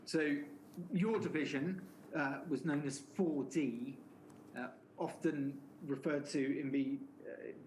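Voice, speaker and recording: A man's voice: on the high side, takes it slowly, a little mellow, slight background noise, poor audio. A man questioning a witness at a formal inquiry, laying out points methodically, with many fillers. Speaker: inquiry counsel.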